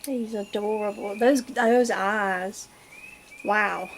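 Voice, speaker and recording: A woman's voice: mid-range voice, fairly even intonation, takes it slowly, slight background noise. A woman vlogger unboxing a doll at home, gushing and giggling as she talks to viewers. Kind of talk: casual unboxing vlog. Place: home nursery. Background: birds chirping.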